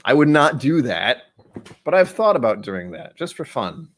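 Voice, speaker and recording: A man's voice: mid-range voice, sing-song, moderate pace. A young American man hosting a casual live stream while tasting whiskey, rambling and interrupting himself, often slipping into playful voices. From United States. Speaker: stream host.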